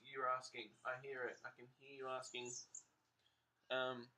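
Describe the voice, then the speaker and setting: A man's voice: mid-range voice, completely flat delivery, normal speed, pushed and bright, poor audio. A man chatting casually to his viewers and his dog while painting on a livestream. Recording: clicking noise behind the voice.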